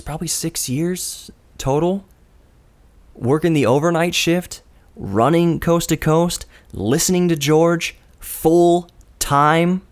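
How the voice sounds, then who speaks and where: A man in his thirties hosting his own radio show, talking alone into a studio microphone in an earnest, storytelling way with a dry, self-mocking streak. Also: mid-range voice. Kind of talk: reflective solo radio monologue. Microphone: studio broadcast microphone.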